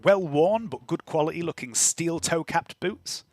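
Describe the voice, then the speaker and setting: A man's voice: a little high, lively intonation, a little slow, a little mellow, dry recording. A man narrating a tabletop game as game master, rambling with fillers and chuckles.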